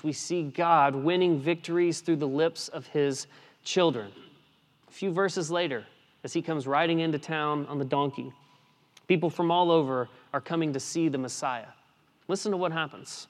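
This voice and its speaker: A man preaching to his congregation in a slightly raised voice. He moves between hushed, intimate lines and emphatic surges, with off-the-cuff asides. The sound carries a long, ringing reverb from a large sanctuary. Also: fairly high pitch, moderate pace. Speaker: pastor. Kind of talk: sermon.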